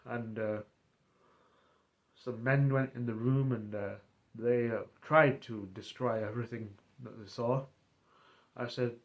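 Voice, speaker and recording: Casting: rambling male streamer recapping a roleplay, middle pitch, halting delivery. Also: fairly even intonation, lo-fi sound. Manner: rambling, halting, many fillers and restarts. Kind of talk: casual storytelling of a roleplay.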